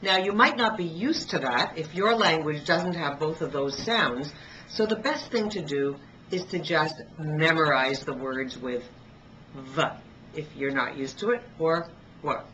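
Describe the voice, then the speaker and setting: Clear, deliberate woman coaching pronunciation. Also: low voice, a bit bright, slight background noise, poor audio. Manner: clear, deliberate, demonstrating sounds slowly. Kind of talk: instructional video talk.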